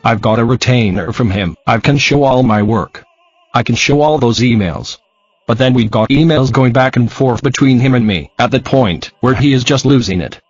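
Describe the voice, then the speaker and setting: Husky-voiced man reading a transcript flatly. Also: medium pitch, normal speed, muffled recording. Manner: reads speaker labels and spells out names letter by letter. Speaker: reader of a true-crime podcast transcript. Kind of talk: flat reading of an interview transcript, speaker names read aloud.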